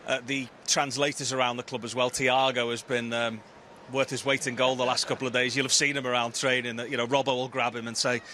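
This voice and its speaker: A man's voice: mid-range voice, level tone, a little fast, pushed and bright, a little hiss or hum. A man presenting a live club broadcast from an outdoor training ground, chatty and easygoing. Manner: chatty, easygoing, plugs subscriptions.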